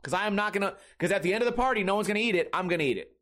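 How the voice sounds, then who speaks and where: High voiced middle-aged guy ranting on his podcast, lots of swearing, animated storytelling. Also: rapid-fire. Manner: rambling, profane, animated storytelling. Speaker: podcast host. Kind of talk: casual comedic monologue.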